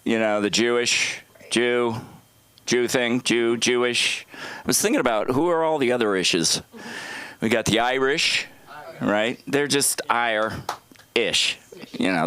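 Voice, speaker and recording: A man's voice: medium pitch, a bit bright, clean tone, poor audio. Rambling man doing pun-heavy stand-up. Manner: rambling, punning, halting with "um" and "uh". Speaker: stand-up comic. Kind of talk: open mic stand-up. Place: comedy club stage.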